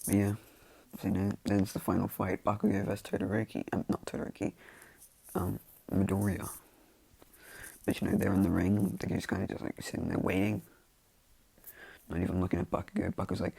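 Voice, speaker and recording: Casual storyteller, man, low and gravelly, rambling with endless fillers. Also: flat delivery, brisk, pauses often, mellow, dry recording. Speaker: fan storyteller.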